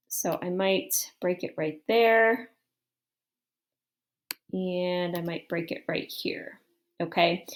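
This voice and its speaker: A woman explains a writing lesson step by step in a calm, measured voice. Her pitch sits in an ordinary middle range, and she thinks aloud as she works through her example. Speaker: teacher. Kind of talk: classroom writing lesson, screen walkthrough.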